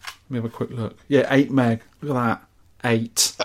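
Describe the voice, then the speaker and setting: A man's voice: mid-range voice, level tone, moderate pace. A man from the UK chatting casually and enthusiastically as a podcast host. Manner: chatty and enthusiastic, rambling with restarts. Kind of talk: casual chat.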